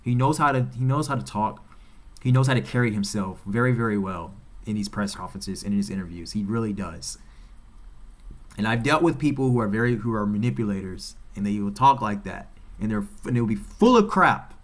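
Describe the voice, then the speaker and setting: A man on his own football channel rants unscripted, cursing freely and circling back over the same points. His voice swings wide, sinking to low grumbles and climbing to heated shouts. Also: lively intonation, brisk. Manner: heated, profane, repeats himself, swings from muttering to shouting. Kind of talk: unscripted sports rant to camera.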